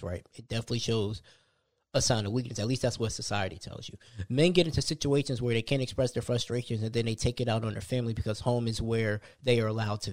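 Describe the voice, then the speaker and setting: Mid-range and a little mellow, the voice belongs to a young man hosting a solo podcast. He chats casually and frequently starts his sentences over, captured in a dry, clean studio recording.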